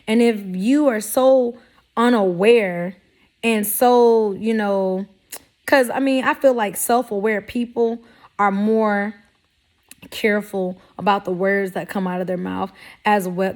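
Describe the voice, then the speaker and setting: A woman talking straight to camera in a sassy, blunt way, giving life advice and acting out mock quotes. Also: medium pitch. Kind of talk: casual direct-to-camera talk.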